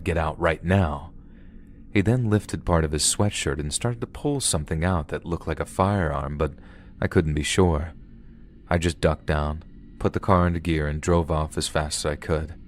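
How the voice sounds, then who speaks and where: A man narrating a first-person horror story in a calm, steady storytelling manner. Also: a bass voice, a little hiss or hum. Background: background music.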